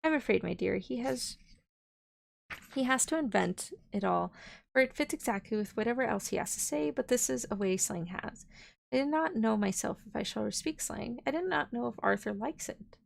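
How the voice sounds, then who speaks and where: A woman's voice: a little high, lively intonation, normal speed, vocal fry. A woman streamer reading a classic novel aloud, breaking off for playful asides and giggles. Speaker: vtuber streamer.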